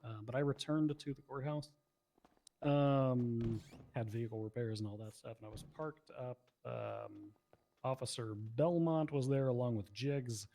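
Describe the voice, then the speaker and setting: A man's voice: mid-range voice, fairly even intonation, unhurried, vocal fry, dark tone. A man testifying as a police witness in a game role-play trial, rambling with many fillers.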